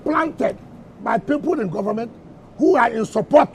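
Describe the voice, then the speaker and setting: A man's voice: extremely high pitch, animated, moderate pace, a little mellow, slight background noise. A middle-aged Nigerian man answering reporters at a press briefing, combative and firing off repeated rhetorical questions. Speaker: government minister at a press briefing.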